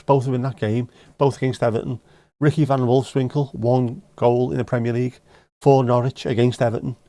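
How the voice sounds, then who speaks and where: A man's voice: medium pitch, mellow, no room sound. A man with a Liverpool accent hosting a livestream, chatting casually with viewers in blunt, sweary banter with dry jokes. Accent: Liverpool (Scouse). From Liverpool, England. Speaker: livestream host. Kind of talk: casual chat answering viewer comments. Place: home livestream setup.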